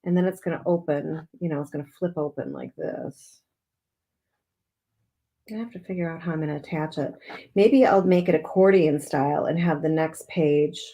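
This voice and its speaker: A cheerful, chatty woman talks through a craft project on a live stream, thanking viewers by name and laughing easily. Her voice sits a little low for a woman, and her talk is relaxed, home-made and friendly. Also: moderate pace. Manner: bubbly, chatty, reads viewer comments aloud, laughs often. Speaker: mixed media artist hosting a live craft stream. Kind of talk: casual live-stream chat while crafting.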